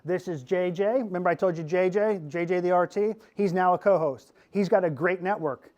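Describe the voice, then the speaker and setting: A middle-aged man from Pennsylvania gives a lively talk to a class of students. His voice sits a little high for a man, and he keeps it goofy and animated, checking in with "okay?" over and over. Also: fairly quick, muffled recording. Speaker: podcast host giving a class talk.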